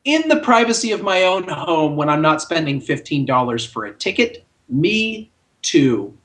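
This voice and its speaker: Man, high voice, very lively pitch, podcast co-host, casual movie chat, animated, joking. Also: normal speed. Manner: animated, joking, wry asides.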